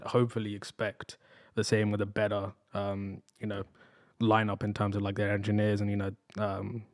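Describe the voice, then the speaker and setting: A man's voice: fairly low pitch, no room sound, clean studio sound. A young man co-hosting a podcast, talking casually and hesitantly with many fillers. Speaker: podcast co-host. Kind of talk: casual chat.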